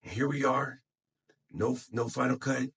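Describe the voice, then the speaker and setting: Tired, husky-voiced man vlogging from his phone. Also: mid-range voice, steady tone, measured pace, fairly bright tone. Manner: encouraging, motivational, loose and unscripted. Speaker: podcaster. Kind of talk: casual to-camera vlog.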